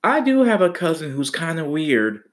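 Man doing a high-voiced, shifty cousin, hesitant and confiding; comic bit. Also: big pitch swings, normal speed. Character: nervous cousin who informs on a relative.

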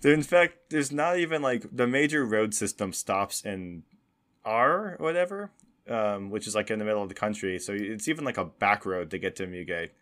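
A man's voice: lowish voice, lively intonation, normal speed, a bit bright. A man running a tabletop game as game master, rambling with many fillers and restarts, laughing often.

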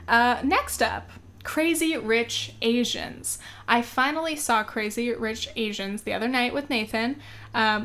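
Reviewing films she has watched, an American woman talks casually to the camera, using lots of "um" and "like" and getting heated at times. Her voice sits on the high side with a bit of brightness.

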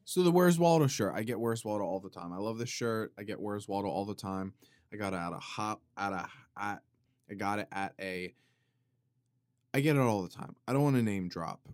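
A man hosting a podcast, talking in a rambling, tangent-hopping casual monologue with plenty of swearing and animated emphasis. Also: sits low, dry recording, clean studio sound. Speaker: podcast host.

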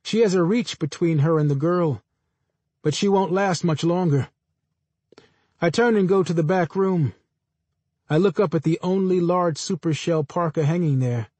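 A man reading first-person literary fiction aloud in a measured, understated way. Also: fairly high pitch, a little mellow, no room sound. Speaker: audiobook narrator.

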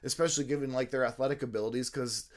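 A man's voice: medium pitch, racing. Easygoing young man. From United States. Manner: easygoing, relaxed storytelling with ums and "you know". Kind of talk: casual chat.

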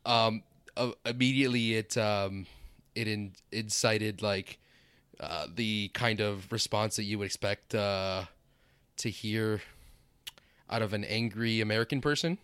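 A man's voice: fairly low pitch, fairly even intonation, a little slow, fairly bright tone, smooth, no room sound. A man co-hosting a podcast in casual chat, with a teasing, wry sense of humor. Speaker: podcast co-host.

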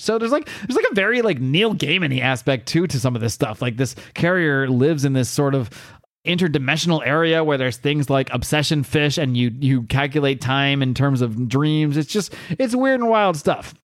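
A man's voice: mid-range voice, expressive, a little fast. A man casually recapping a comic book. He rambles and chats, full of fillers and asides. His voice sits in a middle range and sounds close and dry, with no room echo. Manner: rambling, chatty, with fillers and laughter. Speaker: podcast host.

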